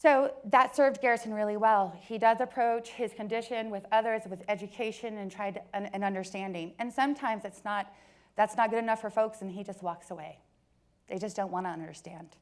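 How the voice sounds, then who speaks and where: A woman in her forties giving a personal storytelling talk to an audience, joking at times and turning soft and earnest at others. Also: medium pitch, fairly even intonation, a little fast. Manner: warm joking storyteller, switches between laughs and soft earnest passages. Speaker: company speaker.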